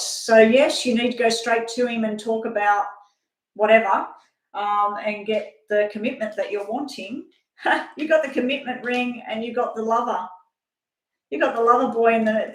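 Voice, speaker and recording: A woman's voice: fairly high pitch, reverberant, poor audio. An older woman giving a chatty, rambling live-stream tarot reading, at times talking while she eats. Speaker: tarot reader.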